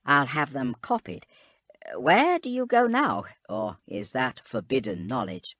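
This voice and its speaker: A man voicing a scrawny old female tech-adept archivist, speaking in an eager, wistful, husky voice. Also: extremely low pitch, big pitch swings, a little slow, fairly bright tone, no room sound, studio quality, heavily acted.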